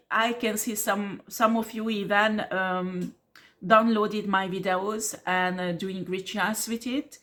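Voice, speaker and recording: A woman with a mid-range, somewhat bright voice reads tarot in a monologue aimed at the camera. She's blunt and combative, curses freely, laughs scornfully, and repeats "okay?" and "do you understand?"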